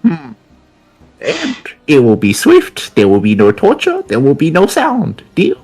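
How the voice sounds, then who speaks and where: A woman's voice: low-pitched, wildly swooping pitch, measured pace, darkish tone, husky, faint music behind. A woman playing a gnome character in a tabletop game, playful and haggling, laughing often. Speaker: player. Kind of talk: in-character tabletop role-play.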